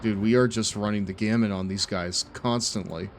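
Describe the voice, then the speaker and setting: A man's voice: lowish voice, steady tone, normal speed, slight background noise. A young man in his twenties chatting casually and laughing while he streams a video game, rambling with lots of fillers. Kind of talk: casual chat while gaming.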